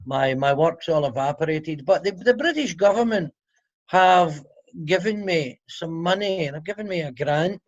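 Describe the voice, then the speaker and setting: Glaswegian Scottish man, comedian, sarcastic, swears, somewhat high pitch, lo-fi call sound. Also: expressive, normal speed. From Scotland. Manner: sarcastic, swears freely, laughs a lot. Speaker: comedian guest. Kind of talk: casual interview chat. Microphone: video call.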